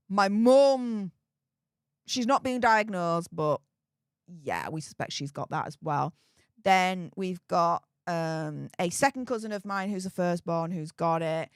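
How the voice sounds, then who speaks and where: A British woman hosting a live stream, chatting casually, laughing often and reading out viewer comments in a frank, animated way. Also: mid-range voice, moderate pace, smooth, dry recording, clean studio sound. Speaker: livestream host reading viewer chat.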